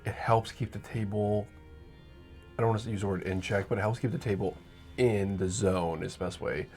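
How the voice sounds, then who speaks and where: Deep-voiced man chatting casually. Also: steady tone, normal speed, a little mellow, soft background music. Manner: conversational, leans on "you know". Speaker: podcast co-host and dungeon master. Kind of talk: casual chat.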